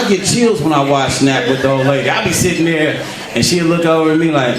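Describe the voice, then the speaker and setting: A man performs a stand-up comedy set and tells his stories in an animated way, slipping into other voices as he goes. He is picked up from a distance in a roomy, echoing venue. The audience can be heard clearly behind him. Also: fairly high pitch, fairly quick, few pauses. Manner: animated storytelling, acts out voices. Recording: roomy live club sound from far off. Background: crowd laughter.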